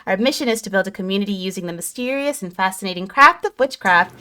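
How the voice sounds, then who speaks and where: A woman co-hosting a podcast in casual chat, playful and quick to laugh. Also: medium pitch, expressive, bright, forceful tone, smooth. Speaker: podcast co-host.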